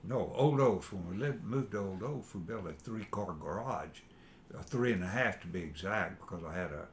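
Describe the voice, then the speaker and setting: An older man, reminiscing in a halting, rambling way with fillers while his son interviews him. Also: low voice, lively intonation, slight background noise. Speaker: father being interviewed. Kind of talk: casual family interview.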